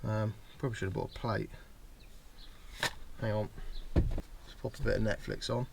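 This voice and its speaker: A man's voice: fairly low pitch, fairly even intonation, normal speed, vocal fry, noisy background. A man giving a casual, self-mocking walkthrough of his campervan bed and cooking setup, chatting as he works. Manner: chatty, self-mocking, talks while doing tasks. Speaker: van owner showing his setup. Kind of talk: casual demo chat. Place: inside a parked campervan at home.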